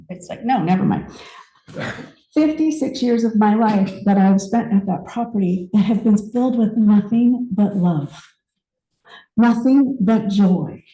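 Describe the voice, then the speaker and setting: Woman in her 50s, chatty reflective sermon story, soft warm tone, lots of room echo. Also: mid-range voice. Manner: conversational, reflective, with pauses and restarts. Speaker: speaker at a spiritual center.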